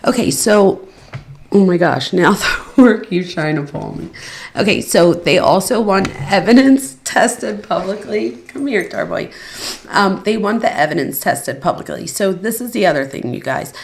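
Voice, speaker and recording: A woman's voice: mid-range voice, expressive, moderate pace, creaky. A woman hosting a live true crime commentary stream from home, chatting casually with viewers. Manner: chatty, addresses viewers as "you guys".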